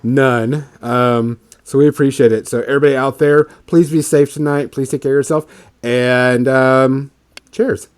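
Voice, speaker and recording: A man hosting a casual podcast, chatting in a relaxed, rambling way with plenty of fillers while he paints miniatures. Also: medium pitch, a little slow, clean tone.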